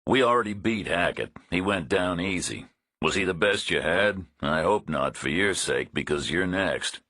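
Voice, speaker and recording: A tough, blunt male hero speaks in a flat, matter-of-fact way, voiced by a male narrator. His voice is extremely deep and husky. The sound is dry and close-miked. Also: normal speed, no echo, heavily acted. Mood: threatening. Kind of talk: audiobook character voice.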